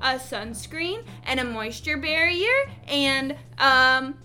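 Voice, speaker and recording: A woman playing bright-voiced Poppy, chirpy and earnest. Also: high-pitched, big pitch swings, slow pace, full character voice. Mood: persuasive. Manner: earnest, hedging with "um", chatty advice. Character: chirpy health-minded young woman adventurer, Poppy.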